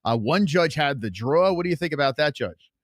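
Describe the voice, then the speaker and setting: A man asks post-fight interview questions, chuckling and stumbling over fillers. His voice is slightly high and moves around a lot. The sound is dry and close. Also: lively intonation, a little fast, no echo. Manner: laughing, hesitant with fillers.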